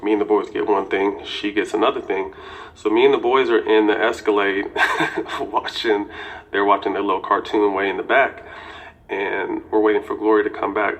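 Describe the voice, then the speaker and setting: A man's voice: fairly low pitch, level tone, moderate pace, rough recording. A man in his forties telling a personal story casually and candidly, with swearing and lots of "you know".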